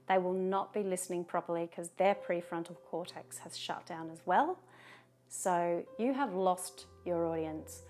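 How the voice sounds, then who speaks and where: A woman with a fairly low voice speaks straight to camera in a calm, measured advice talk. Soft music plays faintly underneath. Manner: calm, measured, firm on repeated commands. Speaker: advice video host.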